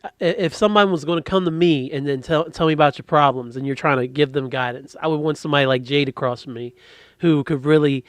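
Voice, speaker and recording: A man's voice: a little high, quick pace, no room sound. A man hosting a podcast in an easygoing casual chat, laughing along and restarting his sentences.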